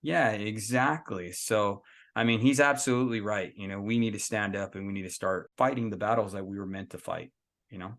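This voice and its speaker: A man hosting a casual podcast with a gravelly, fry-edged voice pitched a little low. He talks earnestly and with emphasis, building his points through stories. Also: fairly quick, fairly bright tone. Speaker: podcast host.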